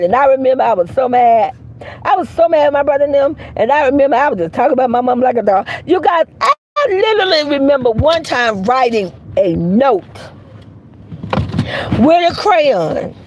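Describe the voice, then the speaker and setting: A woman, chatting with livestream viewers and telling stories in a lively way, laughing often. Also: high voice, slightly rough, low-quality recording. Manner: animated, chatty, laughs often, addresses viewers as "you guys". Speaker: YouTuber on a livestream. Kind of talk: casual livestream storytelling to viewers.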